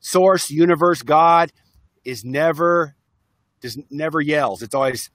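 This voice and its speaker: A man's voice: fairly high pitch, takes it slowly, fairly bright tone, no echo. A man guest in an interview, talking in an upbeat, enthusiastic way over a video call. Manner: enthusiastic, upbeat, acts out voices. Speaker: interview guest, self-help speaker and musician. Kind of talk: casual interview talk.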